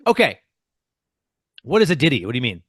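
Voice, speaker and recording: A man's voice: medium pitch, big pitch swings, fairly quick, fairly bright tone, breathy edge, no echo, studio quality. A man co-hosting a podcast in casual chat, with a playful, bantering manner. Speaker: podcast co-host.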